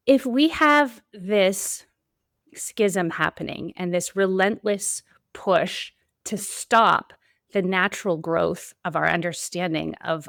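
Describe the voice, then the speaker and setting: A woman's voice: lowish voice, creaky, fairly bright tone, no room sound, studio quality. A woman hosting a solo podcast, talking in an earnest, emphatic way with repeated build-ups. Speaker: podcast host.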